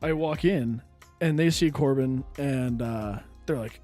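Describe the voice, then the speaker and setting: A man's voice: mid-range voice, unhurried, warm tone, soft background music. A young man in his twenties co-hosting a podcast, telling a story in a laid-back, teasing, dry way. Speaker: podcast co-host. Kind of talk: casual storytelling chat.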